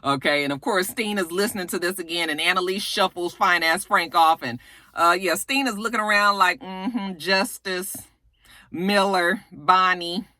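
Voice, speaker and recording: A woman giving a sassy, profane, animated recap of a TV episode. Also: fairly low pitch, brisk, no room sound. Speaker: TV recap vlogger.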